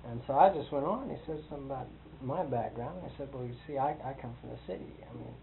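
A man's voice: mid-range voice, quick pace. Storyteller, man, rambling and amused, tinny lo-fi recording with hiss. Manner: rambling, amused, chuckles often. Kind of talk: personal storytelling.

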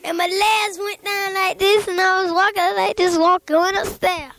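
A child telling a rambling spooky story aloud, full of sound effects and little laughs. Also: female voice, very high-pitched, steady tone, moderate pace, a bit bright, slight background noise.

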